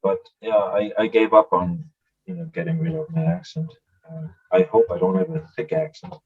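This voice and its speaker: A man with a German accent, chatting casually as a guest on a video call and telling stories in an animated way. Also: on the high side, a little fast, slightly rough, far from the mic, narrow, tinny audio. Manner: animated storyteller, laughs often.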